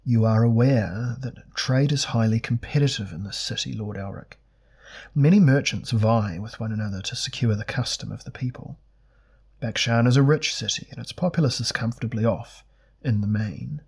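A man's voice: mid-range voice, normal speed, vocal fry, a little mellow, slightly rough. A man voicing an intense, scrawny merchant spokesman who speaks in an insistent, aggrieved way.

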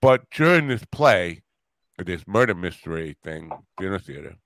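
Low-voiced man rambling on a podcast. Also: big pitch swings, moderate pace, a bit bright, slight background noise. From Italian-American family. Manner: rambling, joking. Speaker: podcast host. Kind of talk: casual podcast chat.

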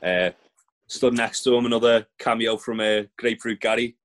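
A man's voice: mid-range voice, fairly even intonation, moderate pace, background noise. A young man co-hosting a casual chat, recapping matches in a blunt, laid-back, sweary way. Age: young adult. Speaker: podcast co-host.

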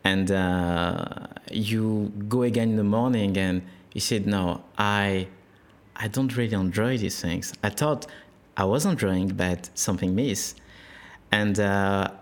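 A man from France with a French accent, a guest in a casual interview, speaking English haltingly as he searches for words. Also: lowish voice. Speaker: guest, dance instructor.

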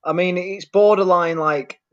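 An enthusiastic man from the north of England joins a podcast as a guest. His voice sits slightly high and comes through a slightly dull, muffled line. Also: fairly even intonation, unhurried, a bit bright. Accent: Northern English. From Grimsby, England. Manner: upbeat, enthusiastic. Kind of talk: casual podcast chat.

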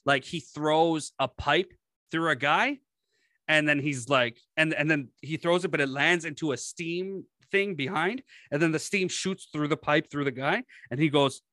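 A man with a somewhat high voice chats casually and loosely, rambling through his points and swearing freely. He laughs often between lines, and the sound is dry and close, with no room echo. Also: moderate pace, pushed and bright. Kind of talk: casual chat.

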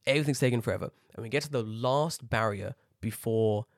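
A man telling an animated, heavily sworn rant about an airport in a casual chat, acting out the people he met. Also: medium pitch, brisk, no echo, clean studio sound. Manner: animated ranting, swears a lot, acts out people.

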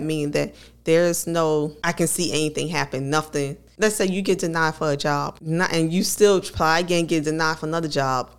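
Telling personal stories with frequent laughter, this woman co-hosts a casual conversational podcast and speaks openly. Her voice sits low with a clean tone.

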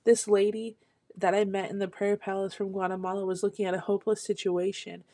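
A woman tells a personal story of faith with earnest conviction. Her voice stays flat and even, with a gravelly edge. The sound is dry and close, with no room around it. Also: mid-range voice, brisk, dry recording. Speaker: speaker sharing a testimony. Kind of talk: devotional testimony talk.

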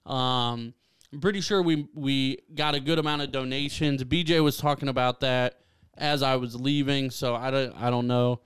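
Excitable young man, smooth, laughing often. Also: medium pitch, moderate pace. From Ohio. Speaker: podcast co-host. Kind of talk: casual chat.

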